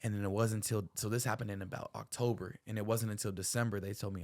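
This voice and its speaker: A man's voice: on the low side, fairly even intonation, quick pace, hardly any pauses. Young man, podcast host, earnest, heartfelt storytelling, casual slang. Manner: earnest, slangy, says bro and man often. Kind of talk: emotional personal storytelling.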